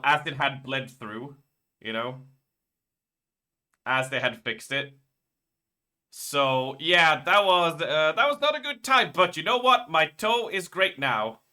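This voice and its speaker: A man's voice: medium pitch, sharp tone. A man streaming live, telling a rambling story in casual chat and swearing freely.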